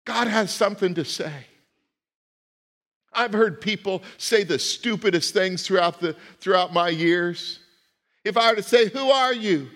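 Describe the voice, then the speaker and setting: A middle-aged man preaching a sermon, swinging between loud rising questions and low, quiet asides. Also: measured pace. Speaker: pastor. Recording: long hall reverb.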